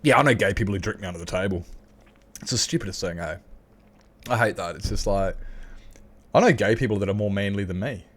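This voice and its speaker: A man's voice: on the low side, quick pace, pauses often. An Australian man chatting casually and candidly as a livestreamer while gaming, swearing freely and laughing often.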